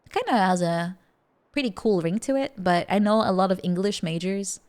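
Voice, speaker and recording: A woman's voice: medium pitch, moderate pace, darkish tone. Giggly woman streamer chatting. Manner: giggly, laughs often between remarks. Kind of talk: casual chat with live viewers.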